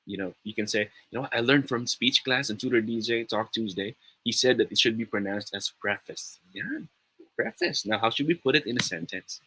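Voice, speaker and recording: A man's voice: medium pitch, expressive, fairly quick, bright, forceful tone, breathy edge, rough recording. A young man with a Filipino accent, teaching an upbeat and encouraging online pronunciation lesson, often slipping into Tagalog. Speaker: online tutor.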